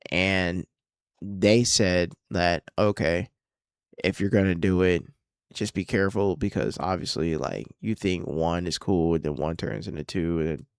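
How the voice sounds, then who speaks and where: A man's voice: low-pitched, measured pace, clean tone, no room sound, clean studio sound. A young man hosting a solo podcast, rambling casually with a lot of swearing and self-mocking asides. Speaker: podcast host.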